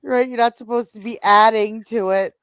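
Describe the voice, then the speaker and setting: A woman's voice: fairly high pitch, fairly even intonation, moderate pace, fairly bright tone, no room sound. A woman hosting a casual live theory chat, eager and repeating herself as she gathers her thoughts. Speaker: podcast host.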